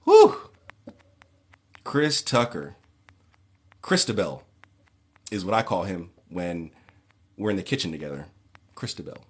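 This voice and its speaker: A man hosting a casual livestream Q&A who reads viewers' questions aloud and answers in a relaxed, plain way. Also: low voice, measured pace, pauses often, slightly rough. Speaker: occult livestream host.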